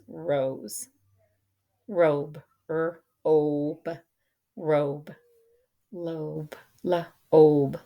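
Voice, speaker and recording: Slow, gravelly-voiced woman teaching phonics. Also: sits low, dark tone. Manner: spells words letter by letter, deliberate. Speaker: English reading teacher.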